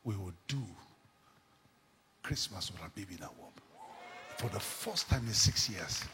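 A man preaching a sermon with fervor, swinging between sudden shouts and hushed asides. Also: lowish voice, expressive, measured pace, in a large hall, background noise. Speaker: pastor. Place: church.

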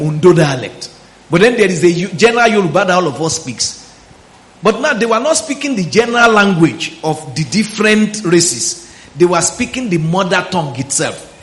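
A man delivers a Bible teaching sermon in a high, ringing voice. He keeps checking with his listeners and draws out words for weight. The room is echoey and faint ambience sits underneath. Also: a little hiss or hum. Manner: questioning the congregation, drawing out words for emphasis. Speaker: pastor.

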